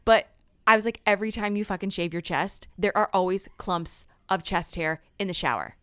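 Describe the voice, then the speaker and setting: A woman's voice: mid-range voice, normal speed, fairly bright tone, clean tone, dry recording. A woman co-hosting a podcast in casual chat, laughing often as she recounts household arguments. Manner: storytelling with frequent laughter, retelling arguments. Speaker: podcast co-host.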